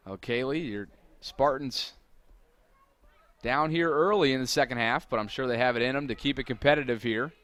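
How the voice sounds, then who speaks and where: A man calling a soccer match live from the press box at an ordinary mid pitch. He keeps a steady, chatty flow between plays and breaks into loud, excited calls when the action peaks. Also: moderate pace. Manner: energetic, builds to shouted calls on big plays. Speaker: play-by-play commentator. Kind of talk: live sports commentary.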